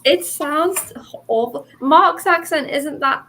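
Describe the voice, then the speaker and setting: A woman's voice: sits high, takes it slowly, background noise. A woman with a mix of Liverpool and posh English accent, chatting casually on a video call, giggly and bluntly teasing. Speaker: group chat participant. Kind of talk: casual chat.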